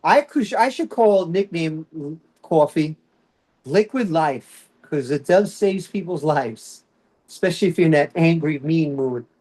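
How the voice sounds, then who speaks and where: Animated Brooklyn comedian, talks to the crowd. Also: male voice, a little high, measured pace. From Brooklyn, New York. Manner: animated, talks to the audience with frequent "all right"s. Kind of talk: stand-up comedy routine.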